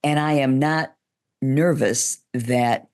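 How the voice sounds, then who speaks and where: A woman who coaches public speaking, giving measured, deliberate advice in an interview and demonstrating pitch shifts as she talks. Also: fairly even intonation, darkish tone.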